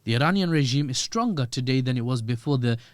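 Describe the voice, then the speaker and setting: A man, a podcast guest giving animated, joking analysis with quick asides. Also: mid-range voice, dry recording. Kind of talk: podcast discussion.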